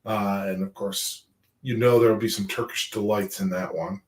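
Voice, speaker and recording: A man's voice: lowish voice, steady tone, normal speed. A man co-hosting a casual chat, rambling along with many fillers. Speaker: co-host. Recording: echoey room sound.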